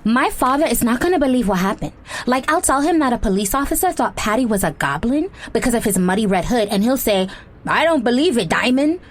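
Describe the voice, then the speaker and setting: Woman doing a chatty excited girl, rattles on fast, lively high voice. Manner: rapid chatter. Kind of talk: audio drama acting.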